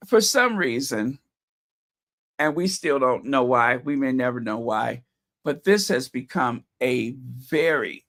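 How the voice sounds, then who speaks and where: A slightly high, somewhat bright male voice, a little scratchy, belongs to a channel host on a casual commentary vlog. He reads headlines aloud, peppering them with sarcastic asides and laughter.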